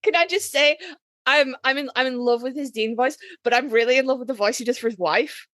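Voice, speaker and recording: A woman's voice: high-pitched, brisk, crowd noise. A woman co-hosting a podcast in casual chat, playful and teasing with casual swearing. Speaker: podcast co-host.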